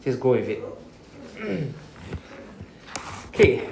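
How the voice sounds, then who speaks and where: A man's voice: medium pitch, big pitch swings, very slow, vocal fry, darkish tone, roomy sound, slight background noise, poor audio. A man with a Singaporean English accent teaching a beginner Japanese class, explaining patiently and checking in with "right?" after each point. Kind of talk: classroom lesson.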